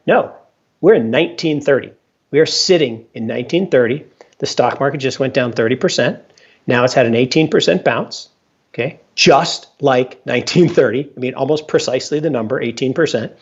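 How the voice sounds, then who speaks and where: A man, an investment fund founder and guest, giving animated market commentary, emphatic and repeating his points. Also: mid-range voice, normal speed, slightly rough. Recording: dull lo-fi sound.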